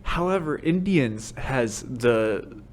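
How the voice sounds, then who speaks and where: An American man hosting a podcast, telling rambling comedic stories full of swearing that break into shouted rants, speaking into a studio microphone. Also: medium pitch, animated, slow pace, slight background noise. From United States. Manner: profane, rambling storytelling that bursts into shouted rants. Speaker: podcast host. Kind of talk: solo comedic monologue.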